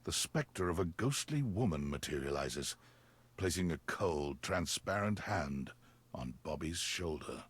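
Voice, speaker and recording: A man narrating a video game in a dry, wry storybook manner, with a husky voice. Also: very deep voice, lively intonation, measured pace, no echo, heavily acted.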